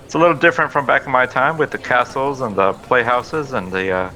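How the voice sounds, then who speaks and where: A man speaking in character as a player in a tabletop game, polite and mock-formal with drawn-out fillers. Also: mid-range voice, bright, forceful tone, slight background noise, rough recording. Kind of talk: in-character tabletop role-play.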